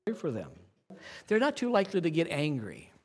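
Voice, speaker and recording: A man's voice: on the high side, wildly swooping pitch, brisk, darkish tone. A man teaching a congregation about evangelism, earnest and coaching, often asking rhetorical questions.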